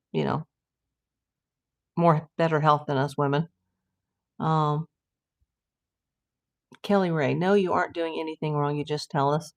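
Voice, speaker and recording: A middle-aged woman hosting a casual livestream, chatting and reading viewer comments aloud in a rambling way. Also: deep voice. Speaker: livestream host.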